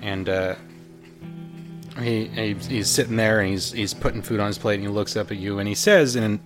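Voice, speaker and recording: A man narrating as game master of a tabletop role-playing game, with many pauses and fillers. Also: fairly low pitch, fairly even intonation, music in the background.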